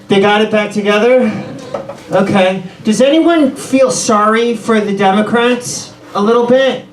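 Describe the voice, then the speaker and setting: A man's voice: high-pitched, a little slow. A man doing a rambling, self-deprecating stand-up set in a bar, ad-libbing through the trouble. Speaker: stand-up comedian. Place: bar comedy room. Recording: echoey room, mic far off.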